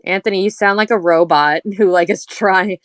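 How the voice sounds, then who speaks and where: A woman making deadpan, sarcastic comments during a comedic story reading. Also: medium pitch, normal speed, no echo. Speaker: co-host commenting. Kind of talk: casual sarcastic chat.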